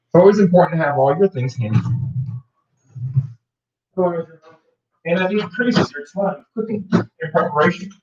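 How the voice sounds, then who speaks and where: A man hosting a home cooking video, talking viewers through each step in a relaxed, rambling way with playful wordplay. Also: a little high, a little slow, long pauses, dull audio. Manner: chatty, rambling, plays with words. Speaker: cooking show host. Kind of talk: casual cooking demonstration.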